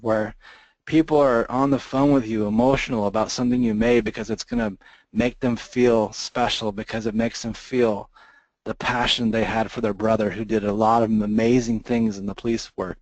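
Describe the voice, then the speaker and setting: Earnest man pitching, choked up. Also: darkish tone, dry recording, poor audio. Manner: earnest, gets choked up telling a story. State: emotional, near tears. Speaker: webinar presenter. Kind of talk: emotional sales pitch.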